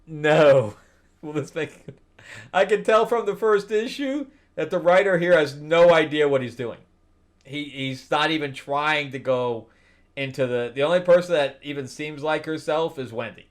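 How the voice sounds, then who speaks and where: A man hosting a comic book review show, talking casually, bluntly exasperated, laughing often and swinging from low mutters to loud disbelief. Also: a little slow. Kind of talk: casual spoken review commentary.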